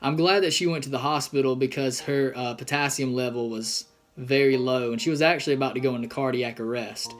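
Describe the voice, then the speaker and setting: A man's voice: medium pitch, steady tone, soft background music. Earnest young man telling his story. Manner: earnest, halting storytelling with many pauses. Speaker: vlogger. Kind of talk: personal testimony vlog.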